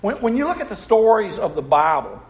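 A man's voice: high voice, sing-song, brisk. A man preaching a sermon, telling stories in a folksy way and putting asides to the congregation. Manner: folksy storytelling with audience asides.

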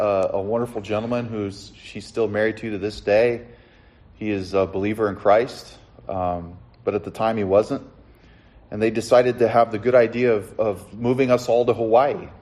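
A middle-aged man preaching a sermon, sharing his own testimony in an earnest storytelling way and slowing down to stress key lines. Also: lowish voice, darkish tone. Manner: earnest, storytelling, builds to emphatic slow lines. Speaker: pastor.

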